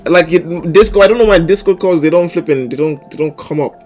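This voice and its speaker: A young man streaming live, chatting casually and animatedly, with sudden loud outbursts and laughter between mumbled asides. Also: fairly high pitch, brisk, soft background music. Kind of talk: casual livestream chat.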